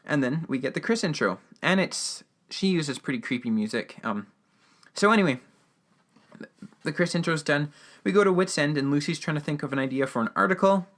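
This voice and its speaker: A man's voice: fairly high pitch, animated, fairly quick, a bit bright. A man hosting a podcast, giving a casual, rambling recap of a radio drama episode with lots of fillers and restarts. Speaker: podcast host.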